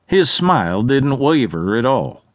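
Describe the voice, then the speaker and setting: A man narrating a western audiobook with lively, expressive storytelling. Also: medium pitch, measured pace, no room sound, clean studio sound.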